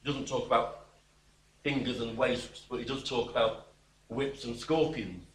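A man's voice: medium pitch, fairly even intonation, a little slow. A man preaching a sermon that explains scripture. He talks emphatically and expressively, with wry, dismissive asides. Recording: echoey room, voice heard from away from the mic.

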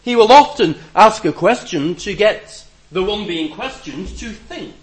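A man preaching a conversational sermon, reflective with gentle humor and a voice that rises and drops for emphasis. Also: high-pitched, expressive, unhurried, hardly any pauses, reverberant, low-quality recording.

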